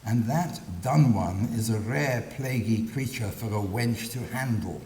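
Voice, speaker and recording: A man's voice: unhurried, dark tone, close to an everyday voice. A man reading aloud the lines of an earnest, lovesick young farmhand in a play. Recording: echoey lecture hall, faint rumble.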